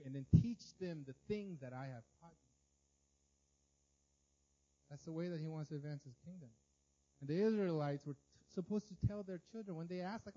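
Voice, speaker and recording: Man preaching in a mellow, lo-fi recording. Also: a little high. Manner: conversational preaching with fillers and rhetorical questions. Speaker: pastor. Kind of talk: sermon.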